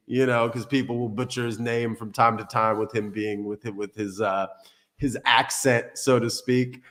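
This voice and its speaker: Guy rambling on his livestream, jokey, swears a bit, middle pitch. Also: fairly even intonation, normal speed, fairly bright tone. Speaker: crypto livestream host. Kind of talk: casual livestream chat. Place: Portugal.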